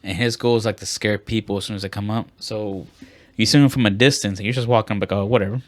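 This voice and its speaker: A man's voice: fairly low pitch, steady tone, fast talker. A man co-hosting a podcast, telling long rambling stories in casual, profane chat. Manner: profane, rambling storytelling with many fillers. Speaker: podcast co-host.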